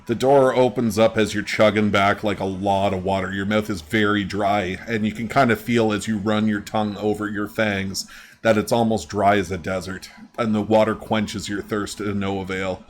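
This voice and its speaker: A man running a tabletop game session, narrating scenes in a casual, laid-back way. His voice sits on the low side, with a faint hiss in the background. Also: level tone, moderate pace. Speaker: game master.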